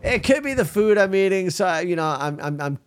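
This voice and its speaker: A man hosting a crude comedy podcast, telling stories loudly with lively put-on quotes. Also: high-pitched, fairly quick, smooth. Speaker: podcast host.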